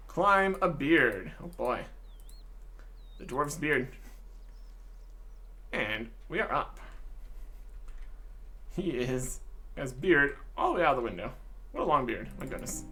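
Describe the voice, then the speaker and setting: A man's voice: on the high side, big pitch swings, normal speed, pauses often, bright, forceful tone. A man giving playful, jokey casual commentary while playing a game. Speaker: gaming YouTuber.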